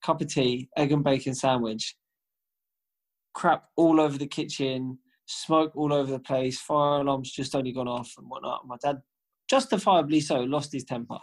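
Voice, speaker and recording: A man's voice: mid-range voice, steady tone, moderate pace. A young man, co-hosting a podcast and telling a long family story in casual, slangy, profane chat. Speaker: podcast co-host.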